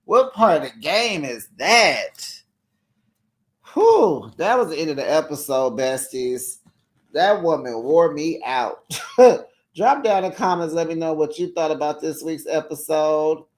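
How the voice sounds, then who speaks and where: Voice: medium pitch, lively intonation, a little slow. A reality TV recap host chatting casually with viewers in a sassy, direct way and laughing easily between remarks. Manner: sassy, talks straight to viewers, acts out quoted lines. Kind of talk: casual episode recap vlog.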